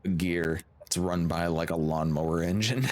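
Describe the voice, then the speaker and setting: A man's voice: low voice, steady tone, moderate pace, noisy background. A man streaming a game, telling rambling, chuckling stories in casual chat and swearing freely. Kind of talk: casual chat while gaming.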